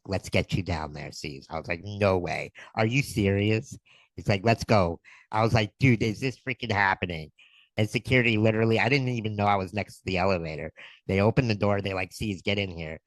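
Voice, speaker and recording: A man, a podcast guest, telling an excited story full of quoted dialogue in casual talk. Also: fairly low pitch, no echo, rough recording.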